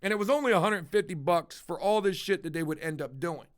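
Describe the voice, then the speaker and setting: High-voiced and quick-paced, a livestreaming vlogger shares a confession with his viewers. The telling is loose, direct, and peppered with swearing.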